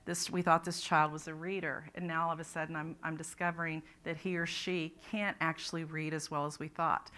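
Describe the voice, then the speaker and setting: Low-voiced woman giving a conference talk. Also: level tone, brisk, hardly any pauses, sharp tone. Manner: explanatory, many restarts. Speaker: conference presenter. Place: conference room.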